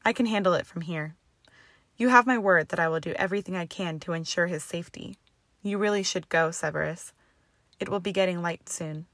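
A woman's voice: fairly low pitch, brisk, fairly bright tone, no room sound, studio quality. McGonagall, a woman voicing a stern headmistress. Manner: clipped, firm, scolding. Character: stern older Scottish-styled headmistress, strict.

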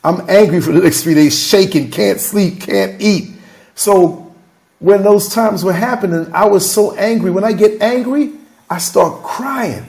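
Man, podcast host, candid chat, emphatic, emotional, rambling stories, slightly high voice. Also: a little slow, vocal fry, darkish tone. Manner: emphatic, emotional, freewheeling storytelling.

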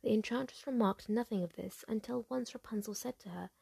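Woman, whispered role-play, breathy, close and dry, low warm tone, slight fry. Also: no echo. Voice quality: soft and breathy. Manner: gentle, slow and hushed. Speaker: storyteller.

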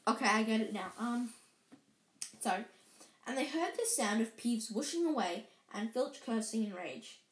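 A woman's voice: on the high side, animated, a little slow. A woman reading a book aloud casually, stumbling and restarting lines as she corrects herself. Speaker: reader. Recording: echoey room.

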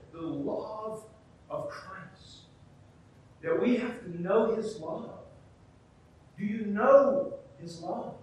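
A middle-aged man, preaching a sermon as a pastor, emphatic, with rhetorical questions and acted-out asides. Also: a little mellow. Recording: very echoey hall, heard from a distance, faint rumble.

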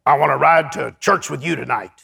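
Casting: man doing a gruff old preacher in his 70s, lower than the man's own voice, deliberate and in charge. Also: pushed and bright, exaggerated voice. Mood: commanding. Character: elderly male preacher, stern and commanding.

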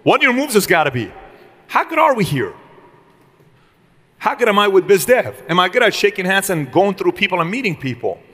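A middle-aged man giving an energetic motivational talk to a live audience, firing rhetorical questions at the room. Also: high-pitched, brisk, long pauses. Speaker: business speaker.

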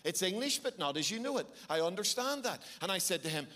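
Man, Belfast accent, middle-aged, preaching, high voice, animated storytelling. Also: quick pace. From Northern Ireland. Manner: animated storyteller, varies pace for emphasis. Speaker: pastor. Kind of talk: sermon with storytelling.

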